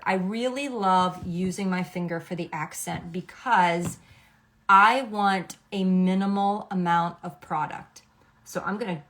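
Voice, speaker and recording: With a lowish voice, a middle-aged makeup artist chats her way through a step-by-step makeup tutorial, explaining as she goes and often checking in with "okay?"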